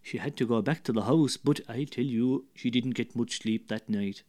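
An older Irish man telling a traditional folk tale, lively and dramatic, swinging between loud and hushed. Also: medium pitch, moderate pace. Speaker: storyteller.

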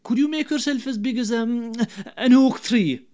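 A man's voice: normal speed, darkish tone. Man doing Larry, a stammering Irish trickster. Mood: nervous wheedling. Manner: high-pitched, stammering, wheedling. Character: timid, crafty Irish drinker, grown man.

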